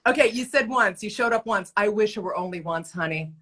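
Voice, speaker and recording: Animated woman telling stories on a video call. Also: medium pitch, brisk, slightly rough. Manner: animated storyteller, emphatic and exasperated. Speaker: guest, event entertainer and author. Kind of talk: casual interview chat. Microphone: remote video call.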